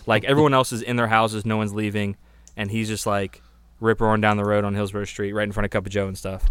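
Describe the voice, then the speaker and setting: A man's voice: on the low side, level tone, fast, fairly bright tone, smooth, dry recording. A man co-hosting a podcast in casual chat, telling a work story with lots of laughs and acted-out voices. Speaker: podcast co-host; record store worker.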